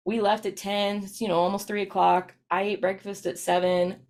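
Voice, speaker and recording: A woman giving a professional presentation, talking in a relaxed, anecdotal way and tossing in "right?" to keep listeners with her. Her pitch sits in an ordinary middle range. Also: normal speed. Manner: chatty, storytelling, frequent "right?" tag questions.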